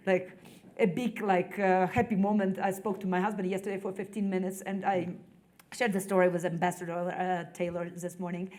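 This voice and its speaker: A woman from Ukraine, in her thirties, speaks English with a Ukrainian accent. She gives a personal account to an audience, pausing often and leaning on "like" as she searches for words. Her delivery is earnest and conversational. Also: medium pitch, darkish tone. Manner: halting non-native English, frequent "like" fillers, earnest. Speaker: executive director speaking to an audience. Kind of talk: personal testimony, conversational speech.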